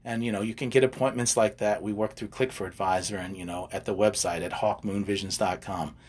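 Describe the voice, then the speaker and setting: A man's voice: fairly low pitch, a little fast, slightly rough. An older man, a relationship coach, chatting casually and telling stories with asides and jokes. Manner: animated, wanders into side stories and jokes. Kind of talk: casual storytelling chat.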